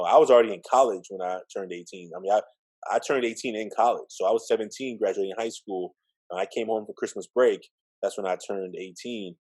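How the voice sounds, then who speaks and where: Animated middle-aged male storyteller. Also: on the low side, poor audio. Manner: animated storyteller acting out quoted voices. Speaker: interview guest, educator. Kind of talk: storytelling in conversation.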